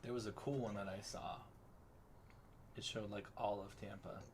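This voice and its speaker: A young man co-hosting a sports podcast live stream, chatting eagerly about his teams in quick casual banter. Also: fairly low pitch, steady tone, gravelly, background noise. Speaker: podcast co-host.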